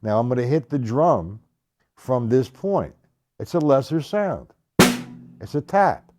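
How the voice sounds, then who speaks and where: A man's voice: mid-range voice, sing-song, measured pace, loud music behind the voice. Blunt, emphatic man teaching drums. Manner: blunt, emphatic, repeats points. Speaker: drum teacher. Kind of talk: live-streamed drum lesson. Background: drum hits.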